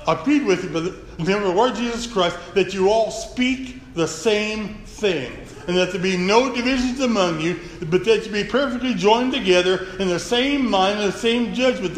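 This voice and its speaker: A man's voice: high voice, normal speed, hardly any pauses. A man preaching a folksy, earnest sermon to his congregation. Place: church sanctuary. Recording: echoey church hall, faint room noise.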